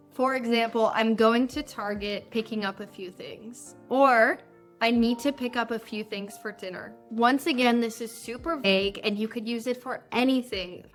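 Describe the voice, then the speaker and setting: A young woman with a fairly high voice walks learners through everyday phrases. Her delivery is clear, friendly and well paced, like a prepared lesson. Faint music plays underneath. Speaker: English teacher. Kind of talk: scripted lesson narration.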